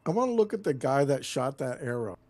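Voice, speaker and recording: A man at the gaming table, eagerly thinking through ideas aloud. His words sometimes tumble out in quick bursts. His voice is middle-pitched and sounds dry and close, with no room sound. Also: big pitch swings, darkish tone, dry recording. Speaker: player. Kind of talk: casual tabletop game chat.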